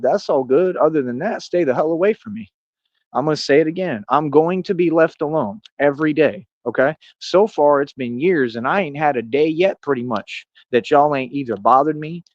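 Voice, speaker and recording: A man's voice: a little high, dry recording. Boastful ranting man in his thirties. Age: 30s. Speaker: streamer. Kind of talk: rambling livestream monologue. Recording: dull lo-fi dry sound.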